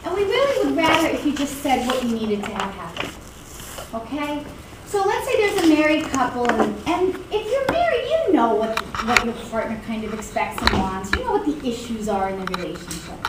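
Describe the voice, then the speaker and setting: High-voiced woman lecturing in an echoey hall. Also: a little fast, recorded from a distance, very noisy. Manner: animated, acts out quoted voices, laughs often. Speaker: college instructor. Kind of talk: classroom lecture. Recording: echoey classroom recorded from afar.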